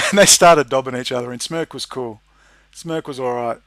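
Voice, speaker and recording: A man's voice: medium pitch, moderate pace, fairly bright tone. An Australian man delivering an emphatic, profane rant as a video commentator. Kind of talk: ranting monologue.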